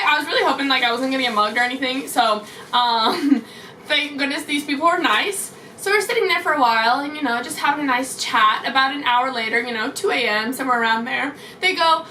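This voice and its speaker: Young woman vlogger, bright and sharp, excitable rambling story, faint room hiss. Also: high voice, recorded from a distance. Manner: excitable, fast, many "like"s. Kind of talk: casual storytelling vlog. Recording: roomy echo, off-mic, faint hiss.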